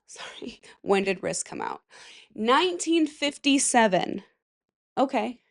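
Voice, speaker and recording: A young woman from Michigan hosting a casual solo podcast, nasal and stuffy from a cold, rambling and giggling at herself at her desk mic. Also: mid-range voice. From Michigan, USA. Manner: rambling, giggly, self-mocking. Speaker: podcast host. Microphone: desk microphone.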